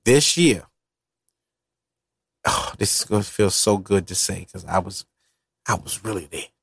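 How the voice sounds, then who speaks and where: A man's voice: low-pitched, unhurried, creaky, husky, no room sound, clean studio sound. A man hosting a podcast, chatting casually and swearing often as he jokes and rants between hip-hop records. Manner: animated, profane, ranting and joking. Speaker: podcast host. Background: hip-hop music playing.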